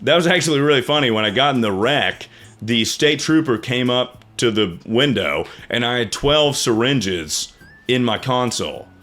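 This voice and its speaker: A young man telling a story in a casual, profane rant, jumping between loud outbursts and low mutters. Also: expressive, moderate pace. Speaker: streamer.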